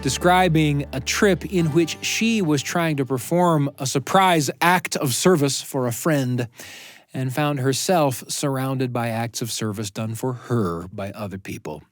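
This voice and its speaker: A man hosting a radio storytelling show, wrapping up the episode in a measured way. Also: mid-range voice, no room sound. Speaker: radio host. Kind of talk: show outro. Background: faint music.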